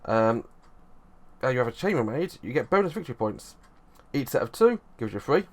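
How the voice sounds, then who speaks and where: A man's voice: mid-range voice, big pitch swings, normal speed. A man reviewing a board game, explaining the rules in a loose, rambling way and often restarting his sentences.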